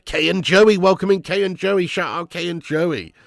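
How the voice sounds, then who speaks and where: A man hosting a live football watch-along, calling the play and reading chat, excitable and swearing freely. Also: high voice, moderate pace, vocal fry, dry recording, studio quality. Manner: excitable, swears, jumps from play calls to chat shout-outs. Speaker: fan channel host.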